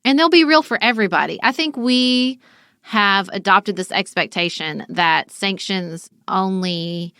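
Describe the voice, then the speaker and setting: A woman's voice: medium pitch, a little slow, pushed and bright, clear, resonant tone, no room sound, clean studio sound. A woman co-hosting a political podcast, speaking in a heartfelt, conversational way. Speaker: podcast co-host.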